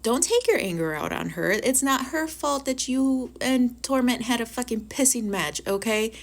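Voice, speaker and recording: A woman reviewing a TV episode in a casual vlog. She rants in an animated, profane way and fills her speech with "like". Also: on the high side, normal speed. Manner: filler-heavy with frequent "like". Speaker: book reviewer.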